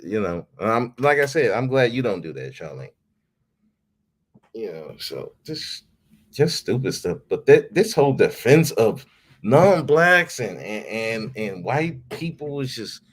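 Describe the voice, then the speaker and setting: Man, podcast host, casual rant, lively swooping pitch, swears a lot. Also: slow, slightly rough. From United States. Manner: animated, ranting, swears freely, repeats himself. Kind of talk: casual ranting commentary.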